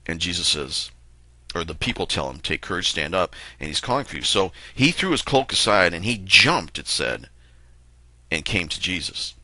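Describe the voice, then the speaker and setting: Earnest low-voiced man reading scripture. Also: sing-song, sharp tone, no echo. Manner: earnest, slow and reflective with pauses. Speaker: lay preacher. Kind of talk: bible reading and devotional talk.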